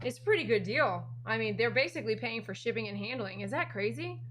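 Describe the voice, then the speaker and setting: A middle-aged woman hosts a casual live-stream auction from her home. Her voice sits a little high, and she chats freely with viewers and her dogs between items. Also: animated, fast, a bit bright, a little hiss or hum.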